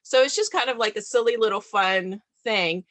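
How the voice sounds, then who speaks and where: A woman speaker talks earnestly and encouragingly as a guest in an interview. Her voice sits at an ordinary pitch and is recorded dry and close. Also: moderate pace, a bit bright, no echo. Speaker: motivational speaker.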